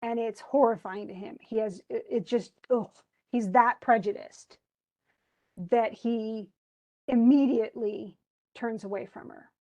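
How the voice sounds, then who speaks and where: A woman's voice: fairly high pitch, fairly even intonation, unhurried, mellow, low-quality recording. A woman college English teacher giving a conversational literature lecture, full of fillers and restarts, who reads story passages aloud.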